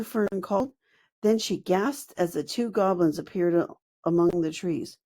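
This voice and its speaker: A woman narrating a children's book read-aloud in an expressive storytelling manner. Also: lowish voice, normal speed, gravelly.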